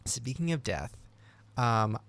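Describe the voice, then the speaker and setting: A man hosting a casual podcast, telling stories in an animated way and laughing often. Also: mid-range voice, slow, dry recording. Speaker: podcast host.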